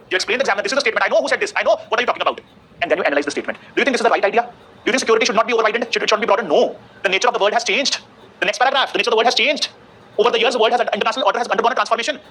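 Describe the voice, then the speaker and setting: A man's voice: high-pitched, pushed and bright. A man lecturing a class, quizzing the students with rhetorical questions.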